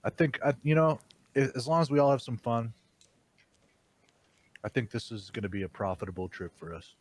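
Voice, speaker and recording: A man voicing a male adventurer who talks haltingly in a borrowed rough accent. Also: mid-range voice, lively intonation, no room sound, close to an everyday voice. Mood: wary. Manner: halting, repeats words, picked up a rough accent. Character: male adventurer chatting with the crew.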